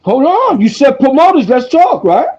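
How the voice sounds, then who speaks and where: A man hosting a podcast, telling a story in an excitable, profane way and repeating himself. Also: extremely high pitch, normal speed, muffled recording, a crowd in the background. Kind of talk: animated casual storytelling.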